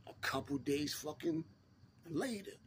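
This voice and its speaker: A man's voice: on the high side, expressive, measured pace, slight background noise. A man, casually telling a prison story in laid-back street slang and repeating himself.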